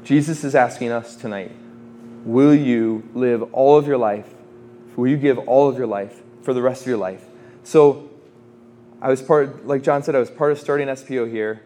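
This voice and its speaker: A man in his twenties giving an informal faith talk to students, conversational, with quick asides and quotes he acts out. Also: medium pitch, mellow. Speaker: campus ministry speaker.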